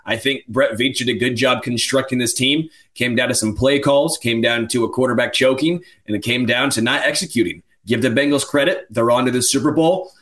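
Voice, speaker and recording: A man's voice: mid-range voice, fairly quick, few pauses, a bit bright. A man co-hosting a sports podcast, giving his verdict in a blunt, matter-of-fact way. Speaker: podcast co-host. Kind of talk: casual podcast chat.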